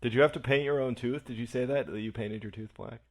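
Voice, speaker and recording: A man's voice: mid-range voice, fast talker. A man co-hosting a casual podcast interview, asking short curious questions. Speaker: podcast co-host.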